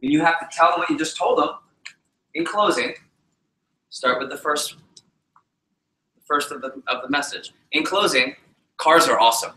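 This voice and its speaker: A man training a live audience in public speaking, animated and shifting his speed and pitch to demonstrate his points. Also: normal speed, pauses often. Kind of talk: energetic presentation to a live group. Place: meeting room with a live audience. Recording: roomy echoey hall.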